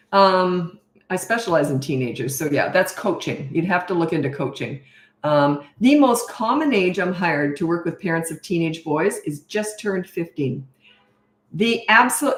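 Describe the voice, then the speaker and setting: A middle-aged woman parenting coach telling a story in a casual Q&A, animated and self-mocking, acting out what people said. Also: fairly low pitch, reverberant.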